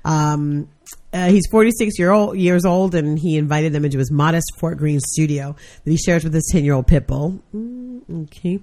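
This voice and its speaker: A woman's voice: deep voice, normal speed, mellow. A woman co-hosting a casual podcast, recounting a news story bluntly with plenty of swearing. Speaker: podcast co-host. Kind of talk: casual chat.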